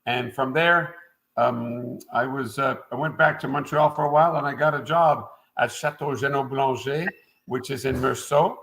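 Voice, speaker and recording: A man's voice: medium pitch, moderate pace, a bit bright, low-quality recording. A middle-aged man from Quebec, a winemaker guest telling stories in a casual interview, rambling along with plenty of "uh" fillers. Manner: rambling and anecdotal, frequent "uh" fillers.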